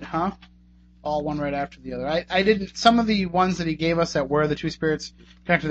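A man's voice: fairly high pitch, slight background noise. A man hosting a radio talk show in a casual, joking, conversational way. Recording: dull lo-fi radio recording.

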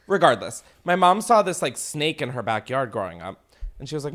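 Tipsy man, casual podcast chat, crude and rambling, lively swooping pitch. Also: fast talker. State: tipsy from wine.

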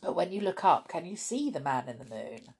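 A woman hosting a children's story podcast, reading storybooks aloud in an expressive, chatty way with soft asides. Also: sits low, fairly quick, slightly rough.

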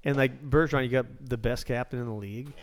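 A man's voice: mid-range voice, fairly even intonation, fast. A man hosting a casual interview, rambling through his questions with many restarts. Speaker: podcast host.

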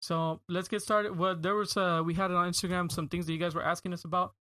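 Young man, podcast host, high bright voice, quick rambling chatter, casual. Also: little pitch movement, no room sound, studio quality. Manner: rambling, full of "like" and "dude".

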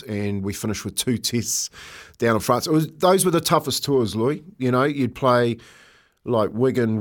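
A middle-aged man with a New Zealand accent, co-hosting a podcast and telling animated anecdotes in casual chat, laughing often. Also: on the low side. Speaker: podcast co-host, former rugby league player.

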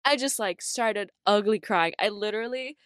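A young woman co-hosting a podcast, telling a story in a casual, animated way with lots of filler words and laughter. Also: mid-range voice, normal speed, no echo, clean studio sound. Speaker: podcast co-host.

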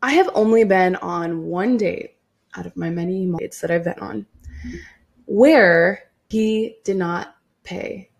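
A woman in her twenties hosting a casual solo podcast, hoarse and raspy from losing her voice, talking bluntly and swearing freely. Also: lowish voice, slow pace. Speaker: podcast host.

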